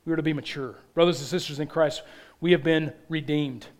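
An earnest male preacher delivering a sermon in church. His voice sits a little higher than most men's, and he leans on repeated phrases, often sinking soft at the close of a line. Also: fairly even intonation, a little fast.

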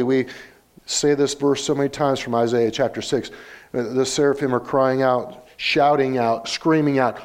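A man's voice: mid-range voice, fairly even intonation, unhurried. An older man preaching a sermon, reading Scripture aloud and driving points home with rhetorical questions and repeated phrases. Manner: reads Scripture aloud with rising emphasis. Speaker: pastor.

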